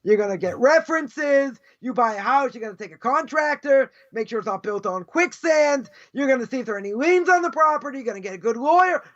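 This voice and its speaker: A male rabbi lecturing with a very high voice, firing off emphatic, scornful rhetorical questions. The audio is dull and lo-fi, with the top end muffled. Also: expressive, fairly quick, few pauses, fairly bright tone. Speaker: rabbi teaching a class. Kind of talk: live Torah lecture.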